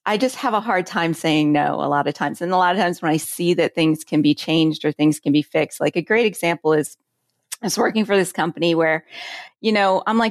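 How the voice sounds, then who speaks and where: A woman's voice: fairly low pitch, a little fast, no room sound, clean studio sound. A woman in her forties, a safety consultant telling work stories in a chatty interview, with lots of filler words. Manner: chatty, filler-heavy, animated storytelling. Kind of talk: casual interview conversation.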